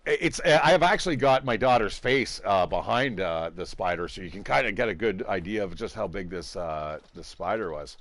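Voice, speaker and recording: A man's voice: on the low side, animated, normal speed, few pauses, fairly bright tone, no echo. A middle-aged man giving casual, rambling gameplay commentary, swearing and laughing a lot. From Southern Ontario, Canada. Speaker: gaming channel host.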